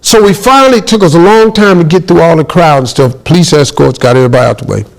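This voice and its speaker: A middle-aged man telling a comic story in a lively way, acting out quotes and exclaiming as he goes. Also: fairly high pitch, fast talker, vocal fry, low-quality recording.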